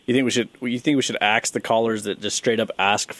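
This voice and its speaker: A man's voice: lowish voice, steady tone, a little fast, a bit bright. A man hosting a casual roundtable chat, easygoing and asking questions. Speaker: host.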